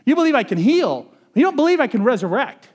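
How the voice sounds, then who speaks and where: A man's voice: very high-pitched, big pitch swings, fast, voice pushed up, exaggerated voice. A man voicing Jesus as a frustrated adult man, insisting emphatically and repeating himself. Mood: exasperated. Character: exasperated adult male Jesus, impatient.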